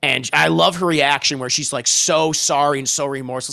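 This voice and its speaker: Male podcast host, animated and casual, bright tone, dry close sound. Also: on the high side, brisk, vocal fry, few pauses, no echo. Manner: excitable, swears, retells scenes with many restarts. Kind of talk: casual podcast review chat.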